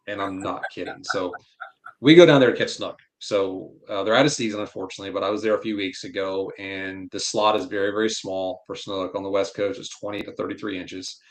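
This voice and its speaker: A man from Florida, a podcast guest, telling fishing stories in a blunt, animated, opinionated way. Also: fairly low pitch. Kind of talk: casual fishing chat.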